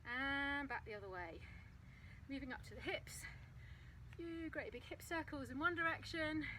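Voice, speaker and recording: A woman recording a casual fitness vlog outdoors on her phone, chatting practically while she demonstrates a running warm-up. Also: sits high, normal speed, slight background noise, low-quality recording. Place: outdoors on a path. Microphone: phone propped on a ledge.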